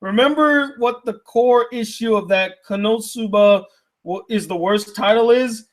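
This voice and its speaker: Young male critic, high voice, heated indignant rant with rhetorical questions. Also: unhurried. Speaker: YouTube critic reading viewer mail. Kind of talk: heated ranting commentary.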